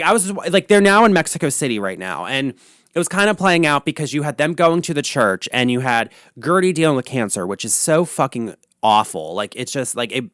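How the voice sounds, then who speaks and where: A man's voice: a little high, fairly bright tone, smooth, no room sound, clean studio sound. A man hosting a podcast alone, ranting about reality TV in a casual, profane, rambling way full of fillers. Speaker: podcast host. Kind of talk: casual solo podcast rant. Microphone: podcast microphone.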